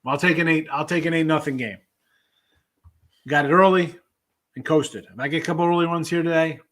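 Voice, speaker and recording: This man's voice is on the high side, fairly bright, with fairly even intonation and a fairly quick pace. He hosts a sports betting show, casually working through viewer comments on a livestream and drifting between subjects.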